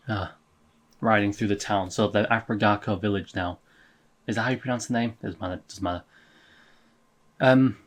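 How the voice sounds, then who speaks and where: A man reading a manga chapter aloud and reacting casually, swearing and laughing often, and getting louder and higher when amused.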